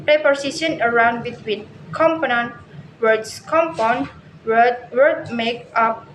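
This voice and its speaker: A woman presenting a prepared explanation aloud. She reads haltingly, often stumbling and restarting words. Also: fairly high pitch, fairly bright tone. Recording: echoey room, faint background hiss.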